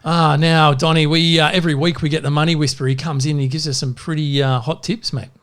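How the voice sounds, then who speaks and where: A man's voice: fairly high pitch, fairly even intonation, fast talker, a bit bright. A man with an Australian accent co-hosting a podcast, rambling and chatty as he tells jokes. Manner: chatty, rambling, full of fillers. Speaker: podcast co-host. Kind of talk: casual joke telling.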